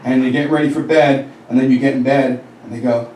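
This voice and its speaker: This is a crude, conversational stand-up set from a comedian in his thirties, who performs quotes of himself and other people from a comedy club stage. He speaks fairly quickly in a steady, medium-pitched voice with a darkish tone. A distant mic captures the roomy club, slight background noise, and crowd laughter.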